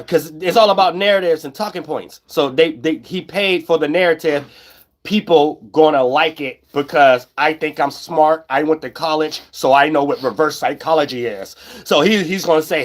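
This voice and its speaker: Ranting vlogger, fairly high-pitched man. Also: brisk. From Ohio, USA. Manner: animated and repetitive, often asks "you know what I'm saying?". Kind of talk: casual ranting commentary.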